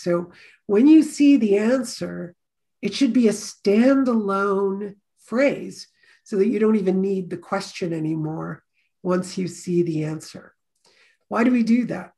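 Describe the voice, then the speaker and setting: A woman's voice: medium pitch, creaky, darkish tone. A woman teaching a personal-growth class, telling stories and acting out the people in them. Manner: storytelling, acts out quoted voices. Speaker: course teacher.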